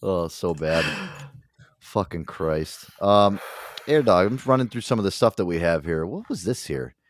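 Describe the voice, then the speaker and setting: A man's voice: deep voice, a little slow. Laughing, swearing podcast host guy. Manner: profane, laughing, animated storytelling. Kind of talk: casual chat.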